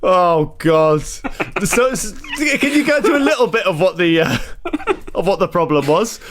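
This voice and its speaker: A man with a high, bouncing voice prods his co-host's story along with playful, mock-serious questions. He is amused and keeps the banter going. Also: lively intonation, unhurried, a bit bright, a little hiss or hum. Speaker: podcast co-host. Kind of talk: comedic interviewing banter.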